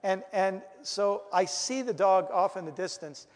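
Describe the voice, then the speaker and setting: A middle-aged man, a pastor, giving a lecture full of comic stories, animated and full of restarts. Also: sits high, measured pace. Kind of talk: humorous storytelling lecture. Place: lecture hall. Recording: reverberant hall.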